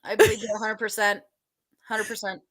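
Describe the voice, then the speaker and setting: A woman's voice: mid-range voice, little pitch movement, a little fast, fairly bright tone. A woman guest in a casual livestream chat, telling stories and acting out quotes, full of "like" fillers. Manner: chatty storyteller, acts out quotes, many "like" fillers.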